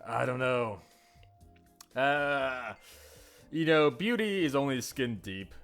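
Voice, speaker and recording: Lively-voiced man chatting to viewers. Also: mid-range voice, slow pace, clear, resonant tone, faint music behind. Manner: rambling, chuckling, self-mocking. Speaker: YouTuber host. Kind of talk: casual solo chat to viewers.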